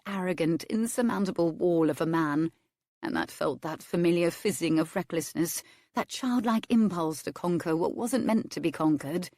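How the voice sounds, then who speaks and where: Low-voiced woman narrating a romance. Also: a little mellow, no echo, studio quality. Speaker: audiobook narrator.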